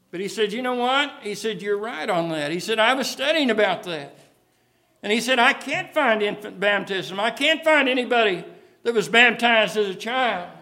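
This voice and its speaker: A man's voice: very high voice, bright, forceful tone. A man preaching a sermon in a folksy storytelling way, with many restarts and repeated phrases.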